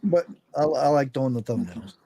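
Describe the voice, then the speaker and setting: A man who is a panel guest, speaking in an easygoing way and often halting and restarting his sentences. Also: mid-range voice, lively intonation, warm tone, dry recording, low-quality recording. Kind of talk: casual panel chat.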